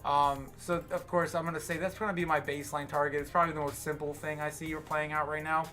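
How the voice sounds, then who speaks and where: A man's voice: fairly high pitch, flat delivery, fast talker, bright, forceful tone, soft background music. A man with an American accent hosting a livestream, giving casual market commentary while a little tipsy, rambling with many fillers and restarts. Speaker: livestream host.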